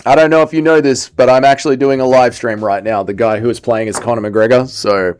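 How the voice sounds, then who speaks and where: A young man live-streaming, chatting casually and excitably while he plays, swearing and reading chat aloud. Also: medium pitch, brisk, few pauses, clean tone. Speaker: livestreamer.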